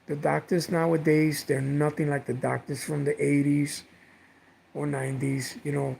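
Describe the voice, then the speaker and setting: A middle-aged man records a casual home vlog, recounting his story in a rambling, heartfelt way. His voice sits a bit high and is gravelly with fry. A faint hiss lies under the recording. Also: little pitch movement, moderate pace, a little mellow, low-quality recording. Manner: rambling, heartfelt, repeats words with many fillers. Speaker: vlogger.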